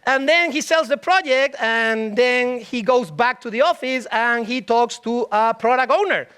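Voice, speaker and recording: A man giving a comic conference talk, telling a story and acting out the people in it with quick put-on voices. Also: extremely high pitch, clean tone. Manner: animated storytelling, puts on voices for characters. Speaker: conference speaker. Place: conference stage.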